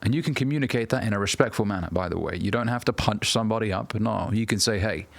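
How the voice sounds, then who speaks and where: Male coach, 30s, low gravelly voice, blunt and preachy with plenty of swearing, dry close recording. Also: fast talker, dry recording. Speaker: dating and self-improvement coach. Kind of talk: direct-to-camera advice talk.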